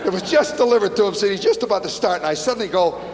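A man telling a comic story live before an audience, animated and mimicking the people in it. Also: high-pitched, rapid-fire, long reverb tail, a crowd in the background. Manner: animated, mimicking voices, building to punchlines.

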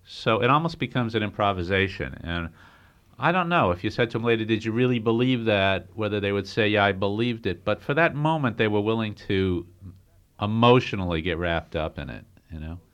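A man as an interview guest, speaking in an animated, thoughtful way in a casual chat. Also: lowish voice, fairly quick, clear, resonant tone, highs cut off.

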